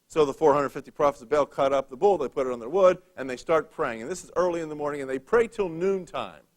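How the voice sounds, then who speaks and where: A male preacher telling a Bible story to his congregation in loose, everyday language. His voice sits a little high for a man, and he slips in wry jokes as he goes. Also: fast. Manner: casual, conversational retelling with humor. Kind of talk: storytelling sermon.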